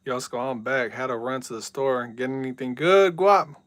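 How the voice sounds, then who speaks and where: Male game streamer, casual and talkative, smooth resonant voice, dry. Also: medium pitch, normal speed, no room sound. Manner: chatty, reads out viewer messages, yells at big plays. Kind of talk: casual live-stream chat.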